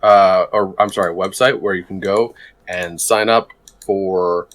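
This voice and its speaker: Co-host and player, man, lowish voice, easygoing chat. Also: steady tone, a little slow, a bit bright. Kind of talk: casual chat.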